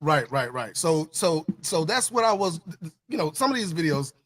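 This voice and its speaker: A man's voice: a little high, sing-song, normal speed, a bit bright. A man hosting a casual livestream chat, laid-back and repeating his phrases. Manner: laid-back, repeats phrases, says "you know what I'm saying". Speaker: livestream host.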